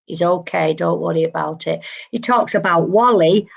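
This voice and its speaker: Woman medium with a gravelly voice. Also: lowish voice, normal speed, highs cut off. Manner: relays spirit messages, acts out voices. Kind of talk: live spiritual readings. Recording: livestream.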